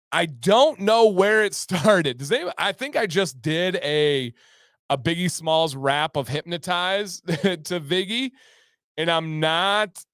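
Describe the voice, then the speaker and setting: A man's voice: a little high, a bit bright, clear, resonant tone, dry recording, clean studio sound. A man hosting a casual livestream, reading out chat comments in an upbeat, playful way. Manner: upbeat, reads chat aloud and breaks into playful raps. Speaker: livestream host.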